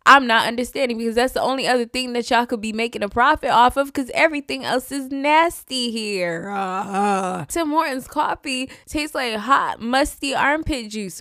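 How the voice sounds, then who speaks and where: A woman hosting her own podcast, telling stories in a sassy, animated, casual way with playful asides. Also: fairly high pitch, dry recording, clean studio sound. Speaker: podcast host. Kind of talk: casual solo podcast chat.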